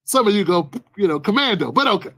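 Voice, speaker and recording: A man delivering an animated commentary rant, acting out scenes as he goes and bursting into loud exclamations. His voice is high for a man and sounds close and dry, with no room echo. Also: fast talker. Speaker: political commentary vlogger. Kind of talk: ranting commentary vlog.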